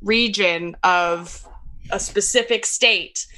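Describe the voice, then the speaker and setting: An enthusiastic woman voice actor from Pennsylvania talks casually as a podcast guest. Her tone is bright and forward. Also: medium pitch, slow.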